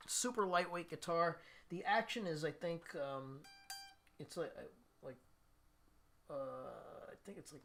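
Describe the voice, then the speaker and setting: With a fairly high, bright and forceful voice, a livestream host and guitarist talks casually with his audience during his weekly show. He's self-deprecating, laughs frequently and reads their comments aloud.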